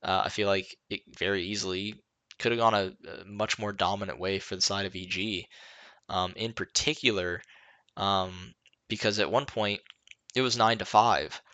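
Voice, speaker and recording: A young man talks through an esports match on his own podcast, tired and rambling, full of fillers and restarts. His voice sits low but comes out bright and forceful. The sound is dry and close. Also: fairly even intonation, moderate pace, no room sound. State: tired, yawning. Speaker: podcast host. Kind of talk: solo esports podcast analysis.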